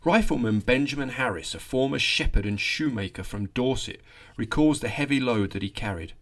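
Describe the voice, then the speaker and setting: A man hosting a history podcast, narrating a scripted story with lively delivery and wry asides. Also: mid-range voice, brisk.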